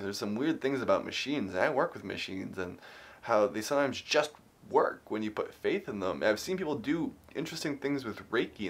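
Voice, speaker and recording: Man rambling through a personal story. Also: on the low side. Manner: rambling, with many fillers and restarts; animated when retelling tense moments. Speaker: vlogger. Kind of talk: casual storytelling to camera.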